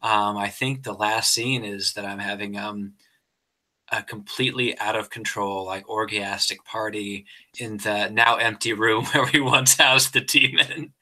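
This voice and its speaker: A man's voice: on the low side, fairly even intonation, a little slow, pushed and bright, rough recording. A man playing in a tabletop game, describing his character's ending in an amused way, with fillers. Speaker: player.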